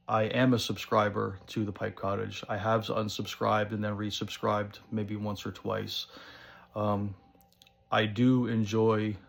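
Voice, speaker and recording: Gravelly New Jersey man, rambling. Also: fairly low pitch. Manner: rambling, conversational, many fillers. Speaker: pipe-smoking channel host. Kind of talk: casual monologue to camera.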